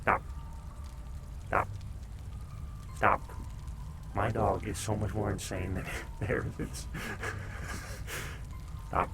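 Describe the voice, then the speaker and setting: A man's voice: lowish voice, level tone, very slow, long pauses, background noise. A man live-streaming at home in a laid-back, casual way, chatting to his viewers and telling his dogs to stop barking.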